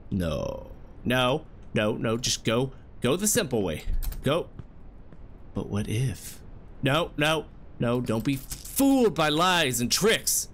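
A man doing let's-play commentary, anxiously coaching and scolding himself out loud, his voice jumping high under stress. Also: sing-song, takes it slowly, a little hiss or hum. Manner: anxious self-talk, scolding and coaching himself through jumps. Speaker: gameplay commentator.

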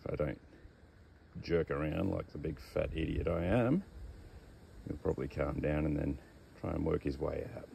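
A man's voice: extremely low pitch, fairly even intonation, normal speed, vocal fry, pauses often, warm tone, a little hiss or hum. An Australian man chatting casually outdoors as he releases a snake, teasing it in a laid-back way. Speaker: snake catcher. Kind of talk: casual outdoor vlog narration. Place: outdoors among bushes.

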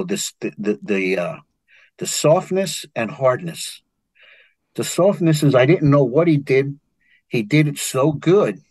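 An older man's mid-range, slightly rough voice carries a New York accent as he tells martial arts stories for a storytelling interview in which he's a guest. Animated, he acts out quotes, and the recording is dry.

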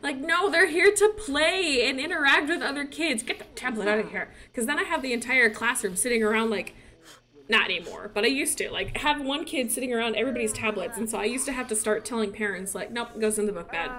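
Bright, chatty young woman gaming streamer. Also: a little high, brisk. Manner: chatty, laughs often, rambling asides. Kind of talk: casual chat while playing.

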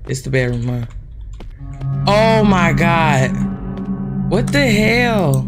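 Woman gamer host, chatty and animated, curses freely, talks to viewers, lowish voice that swings a lot, faint game music. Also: slow, pauses often. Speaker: gaming channel host. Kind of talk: casual horror game commentary.

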